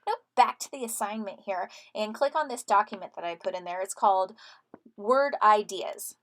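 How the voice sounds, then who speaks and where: A woman teacher giving friendly step-by-step instructions to students in a screen-recorded software tutorial. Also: mid-range voice, normal speed.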